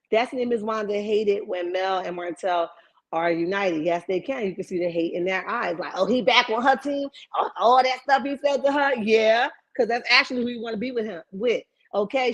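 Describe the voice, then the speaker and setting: A woman hosts a casual live stream, reading chat comments and riffing on them with animated, preachy, sassy outbursts. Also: mid-range voice. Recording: dull lo-fi stream audio.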